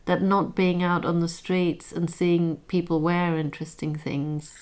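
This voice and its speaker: Woman in casual chat, lowish voice, kinda hesitant, tells long stories. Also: flat delivery, measured pace, darkish tone. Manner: thoughtful, hesitant, telling stories at length.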